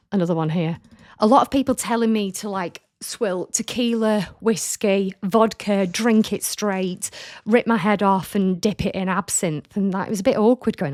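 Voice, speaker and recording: A woman's voice: medium pitch, normal speed, dry recording, clean studio sound. A woman in her thirties hosting a podcast, frank, sweary and jokey as she reads out comments in casual chat. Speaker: podcast host.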